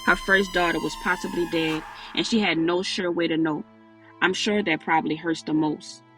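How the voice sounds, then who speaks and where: A woman's voice: fairly low pitch, steady tone, normal speed, a bit bright, soft background music. A woman reading a first-person audiobook aloud, voicing every character herself. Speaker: audiobook narrator.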